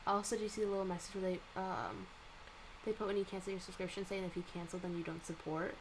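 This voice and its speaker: A woman's voice: mid-range voice, fast, noisy background. A young woman chatting casually as she reacts to things and reads manga, chatty and full of fillers. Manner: animated, chatty, lots of likes and ums. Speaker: streamer reading manga and reacting. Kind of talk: casual chat.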